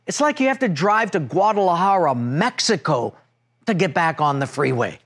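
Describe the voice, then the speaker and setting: A middle-aged man preaching a sermon, telling a personal story and acting out an argument in a raised, animated voice. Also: fairly high pitch, normal speed. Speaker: pastor.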